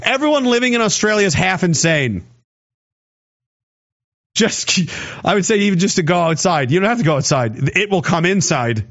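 Expressive and a bit bright, a high-voiced Canadian streamer goes through chat at a moderate pace, leaving long pauses. His casual commentary is sarcastic, rambling and full of swearing, captured on dull audio.

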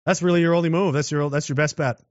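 A man's voice: on the high side, fairly even intonation, fast talker, no echo. A man giving a political commentary monologue, rambling with restarts and rhetorical questions. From Canada. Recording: dull, dry lo-fi sound.

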